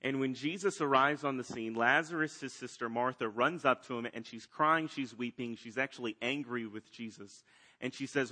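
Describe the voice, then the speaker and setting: A man preaching a sermon, swinging between loud emphatic lines and hushed ones. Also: medium pitch, moderate pace. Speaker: pastor.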